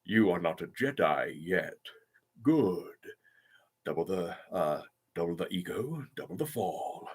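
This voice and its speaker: A man voicing an aged, cold and aristocratic male villain count in a low, hushed, measured voice. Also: big pitch swings, breathy edge, full character voice. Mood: coldly superior.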